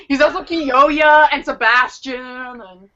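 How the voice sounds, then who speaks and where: A woman's voice: high-pitched, takes it slowly, pushed and bright. A woman co-hosting a casual stream chat with giggly interjections. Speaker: co-host. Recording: dull lo-fi stream audio.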